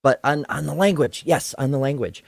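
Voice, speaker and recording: A man's voice: on the high side, a little fast, gravelly, no echo, studio quality. A man hosting a casual livestream chat, playful and chatty, with a habit of swearing. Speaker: host.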